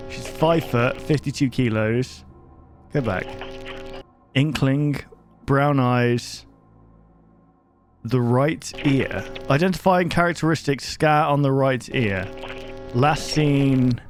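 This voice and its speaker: A young man hosting a casual reaction video, rambling and poking fun at himself as he reads on-screen text aloud. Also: mid-range voice.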